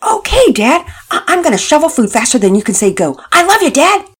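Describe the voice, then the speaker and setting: A woman voicing an excitable, emotional young boy who talks fast and stammers. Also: mid-range voice, breathy edge, voice pushed up. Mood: overjoyed.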